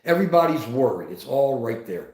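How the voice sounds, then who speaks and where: A man's voice: mid-range voice, big pitch swings, a little fast, darkish tone, echoey room. A man in his seventies hosting a casual livestream, rambling and arguing directly with viewers in chat. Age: 70s. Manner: argumentative, rambling, talks straight to chat. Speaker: livestream host.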